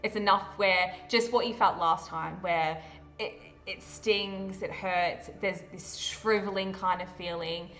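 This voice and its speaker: A woman with an Australian accent running a tabletop horror game as game master, describing the scene vividly and halting often with fillers. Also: fairly low pitch, fairly even intonation, fairly bright tone, soft background music.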